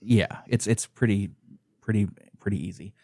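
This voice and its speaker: A man's voice: fairly low pitch, normal speed, dry recording, clean studio sound. Man hosting a casual game podcast. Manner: animated retelling, frequent "uh" fillers. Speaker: podcast host. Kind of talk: casual chat.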